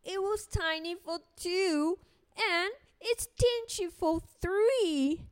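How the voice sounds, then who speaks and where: A woman voicing a fretful little old lady who pleads and complains in a drawn-out sing-song. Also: very high voice, no room sound, clean studio sound, voice pushed up, exaggerated voice. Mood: pleading, fretful.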